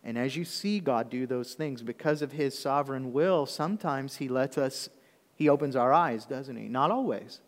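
At a moderate pace and medium pitch, a man preaches as pastor in a conversational way. He keeps checking in with the congregation by asking "okay?", and the sound carries a long hall reverb.

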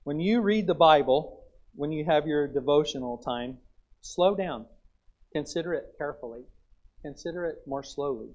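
A man's voice: a little high, normal speed, a little mellow, lo-fi sound. A man preaching a sermon in a folksy, storytelling way, with plain asides and Bible quotes. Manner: folksy, acts out chewing sounds.

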